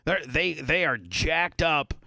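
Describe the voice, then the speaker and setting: A man's voice: a little high, animated, slow pace, creaky, pushed and bright, dry recording. A man hosting a radio show, chatting casually in a profane, rambling way and stammering through restarts. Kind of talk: casual studio banter.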